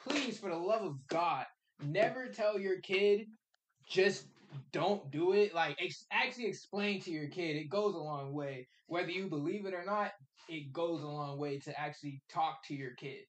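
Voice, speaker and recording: Speaking at a normal speed with a voice on the high side, a man hosts a podcast from an echoey room. He shares a childhood tale in relaxed slang, breaking into other people's voices as he goes.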